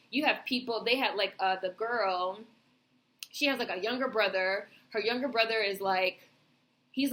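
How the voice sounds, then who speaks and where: A woman's voice: medium pitch, bright, forceful tone. A woman vlogger giving a casual, rambling film review, heavy on fillers and swearing.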